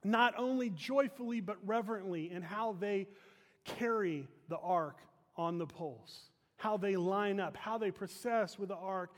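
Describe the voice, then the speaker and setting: Pastor, male, high-pitched voice, earnest emphatic sermon delivery, church sanctuary with long reverb. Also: a little slow. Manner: earnest, emphatic preaching with asides to the congregation. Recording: long reverb of a large hall.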